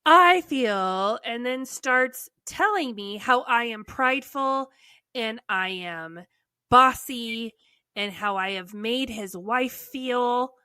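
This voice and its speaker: A woman from the United States, hosting a podcast and telling a story in a casual, animated, exasperated way with many "like"s. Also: on the high side, slow, smooth, no room sound, studio quality. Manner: animated storytelling, heavy use of "like". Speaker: podcast host. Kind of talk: casual chat.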